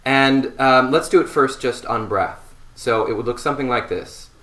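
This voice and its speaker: A man teaching a seated voice warmup, giving slow, calm instructions between long sustained hums. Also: medium pitch, noisy background. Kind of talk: guided voice warmup. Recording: roomy echo.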